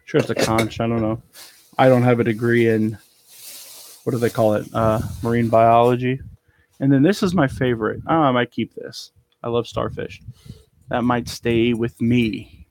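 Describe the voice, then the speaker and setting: A man's voice: medium pitch, steady tone, measured pace, a little hiss or hum. Chatty man showing off his thrift haul. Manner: chatty, rambling, trails off with ums. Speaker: eBay reseller showing a haul. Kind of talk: casual live haul chat. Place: cluttered storage room indoors.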